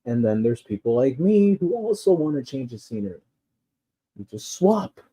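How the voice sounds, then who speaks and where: A mellow, slightly rough male voice of medium pitch swings widely in tone at a normal speed during a casual rant. He rambles and swears loosely, filling gaps with fillers and laughs, and the lo-fi recording sounds dull.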